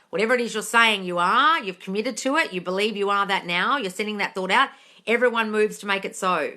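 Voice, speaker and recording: A woman coach runs a live question-and-answer stream, talking bluntly and swearing freely. Her voice is bright and sharp, at a middle pitch for a woman, and she drives each point home with firm emphasis. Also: lively intonation, fairly quick. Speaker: manifestation coach hosting a live Q&A. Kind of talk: casual live Q&A, answering viewer comments. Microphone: phone or computer mic for a live stream.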